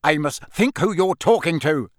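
A man voicing a firm, indignant middle-aged wizard who speaks loudly and reasons with a colleague. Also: fairly high pitch, lively intonation, a little slow, clean tone, no echo, clean studio sound. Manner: firm, loud. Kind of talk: audiobook character voice.

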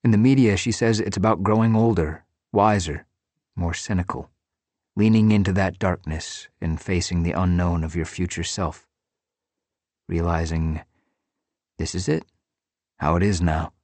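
A man reading a first-person story aloud in a measured, low-key way. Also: steady tone, darkish tone, dry recording. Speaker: audiobook narrator. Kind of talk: first-person scripted narration.

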